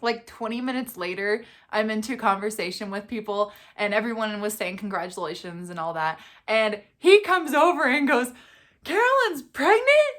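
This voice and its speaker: A woman's voice: mid-range voice, animated, normal speed, few pauses, fairly bright tone. A young woman vlogger telling a personal story in a casual, chatty way, full of "like" and "you know".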